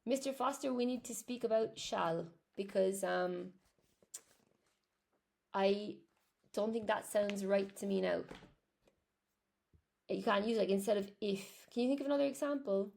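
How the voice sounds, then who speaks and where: A woman's voice: mid-range voice, a little slow, gravelly, long pauses, darkish tone. A young Irish woman teaching English on a live stream, chatting as she answers viewers' comments. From Ireland.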